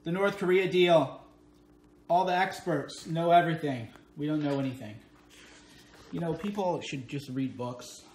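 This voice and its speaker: A man's voice: on the high side, measured pace, darkish tone, reverberant. A man, a political commentator ranting casually to camera in a mocking, sarcastic and emphatic way.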